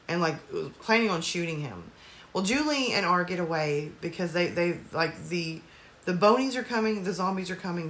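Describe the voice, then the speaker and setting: A woman's voice: sits low, a bit bright, a little hiss or hum. A woman casually recapping a movie's plot at home, rambling with lots of fillers and apologetic asides. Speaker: movie reviewer.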